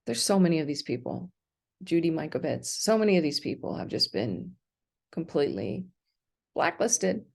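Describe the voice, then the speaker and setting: A woman's voice: low-pitched, big pitch swings, normal speed, vocal fry, a little mellow. A middle-aged American woman delivering a rambling, indignant vlog rant, full of ums and restarts. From United States. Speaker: vlogger. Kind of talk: ranting livestream monologue.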